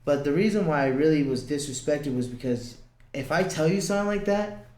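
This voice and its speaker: A man's voice: fairly high pitch, lively intonation, fairly quick, a little mellow. Young man telling a blunt story. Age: young adult. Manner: blunt, swears often, acts out quoted lines. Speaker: podcast guest. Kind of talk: casual storytelling. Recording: roomy echo.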